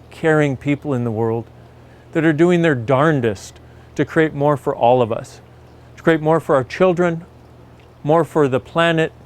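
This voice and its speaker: A man reading aloud and then speaking reflectively to his viewers in a gentle, earnest, emotional way. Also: a little high. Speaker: self-help video host.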